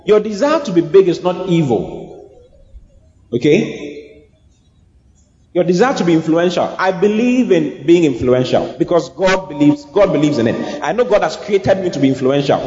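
A man's voice: high voice, a little mellow. A man preaching in a reverberant hall, his slightly raised voice bouncing back off the walls. He drives each point home with repetition and has the congregation say the lines back. The sound is somewhat muffled, with faint noise underneath. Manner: emphatic, repetitive call-and-response preaching. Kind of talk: sermon. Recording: echoey hall, muffled audio.

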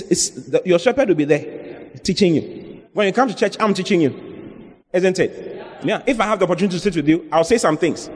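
Man, pastor, fairly high voice, emphatic repeated phrases, preaching, echoing church hall. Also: darkish tone, breathy edge. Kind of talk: sermon. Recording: long hall reverb.

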